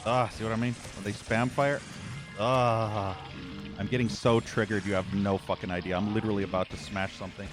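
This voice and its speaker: A man's voice: fairly low pitch, steady tone, brisk, over music. A man doing let's play commentary, ranting at the game with a profane, exasperated edge. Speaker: gaming channel host.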